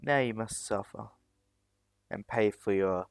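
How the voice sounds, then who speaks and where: A man voicing a calm young male hero in a fan story, lecturing his foe in a steady, defiant way. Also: fairly low pitch, a little slow, vocal fry, no echo.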